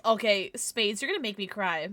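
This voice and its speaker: A young woman streaming live, chatting casually with her chat, thanking viewers and squealing with excitement. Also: medium pitch, moderate pace.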